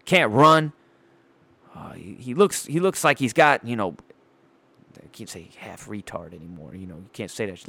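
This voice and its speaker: A man rants about sports on his own podcast, crude and rambling, loudly mocking as he goes. His voice sits a bit high for a man. The sound is dry and close, with no room around it. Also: dry recording. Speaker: podcast host. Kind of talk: profane sports rant.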